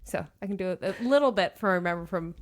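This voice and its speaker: A woman's voice: lowish voice, quick pace. A woman co-hosting a casual chat, upbeat and enthusiastic when recommending gear. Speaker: podcast co-host.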